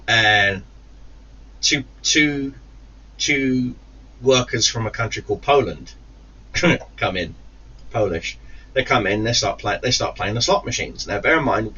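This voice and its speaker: Guy ranting a swear-heavy work story, voice jumping all over, bright edge, bit far from the mic and kinda dull. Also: lowish voice, a little hiss or hum. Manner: profane, animated anecdote-telling with acted-out quotes. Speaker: gaming YouTuber. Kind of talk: casual storytelling to camera. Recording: slightly distant, dull lo-fi sound.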